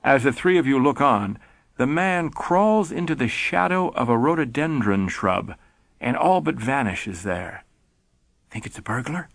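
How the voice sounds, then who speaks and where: Dry, measured male audiobook narrator. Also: medium pitch, expressive, vocal fry, dry recording. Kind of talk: scripted narration.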